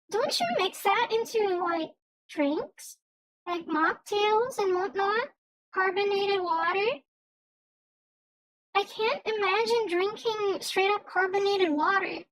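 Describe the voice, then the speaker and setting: Very high-voiced young woman streamer. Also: a bit bright, low-quality recording. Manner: rambling, stammers and restarts often. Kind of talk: casual livestream chat.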